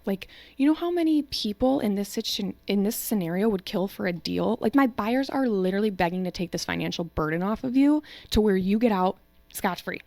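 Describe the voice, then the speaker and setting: Gravelly young woman telling a story. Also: mid-range voice, no room sound. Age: 20s. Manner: animated, fast storytelling full of "like". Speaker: real estate agent and podcast co-host. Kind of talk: casual chat, storytelling.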